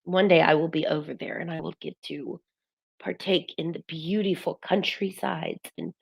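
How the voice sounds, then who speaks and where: A woman's voice: low-pitched, animated, moderate pace, vocal fry, breathy edge. A woman spirit medium giving a chatty live spiritual talk and reading out viewer comments.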